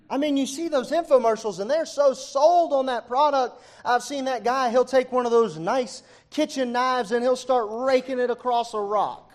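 A man preaching a sermon with fervour, moving between hushed, intimate passages and near-shouts, with many "uh" fillers between phrases. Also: extremely high pitch, moderate pace. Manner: frequent "uh" fillers.

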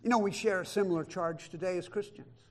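A man preaching a sermon, emphatic, swinging from loud declarations to hushed asides and reading scripture in old-style wording. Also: high voice, fairly even intonation, quick pace. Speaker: pastor.

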